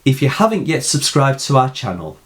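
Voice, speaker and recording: A man with a British accent, giving a scripted, deliberate analysis of a poem as a teacher. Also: medium pitch, very animated. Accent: British English. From England. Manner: slow, deliberate, emphatic reading. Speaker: poetry teacher.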